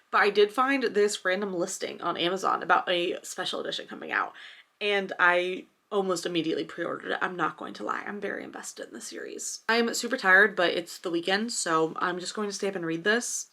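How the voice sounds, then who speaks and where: A woman's voice: medium pitch, bright, forceful tone. A young adult woman talking casually at home in a reading vlog, gushing and a little dramatic about a book series. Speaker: book vlogger. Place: at home in her apartment.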